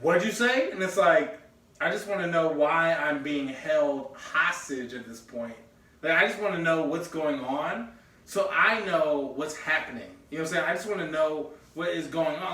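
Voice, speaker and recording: A man co-hosting a podcast in casual chat, telling a story with lively energy and acting out both sides of a conversation. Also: a little high, moderate pace. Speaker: podcast co-host. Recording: echoey room, mic at a distance.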